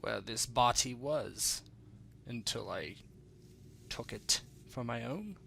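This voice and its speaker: A man voicing a male-voiced otherworldly spirit who has possessed a young woman. The spirit talks in a guttural, slow, quiet and aloof way. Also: medium pitch, expressive, vocal fry, slight background noise, exaggerated voice. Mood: cold, weary.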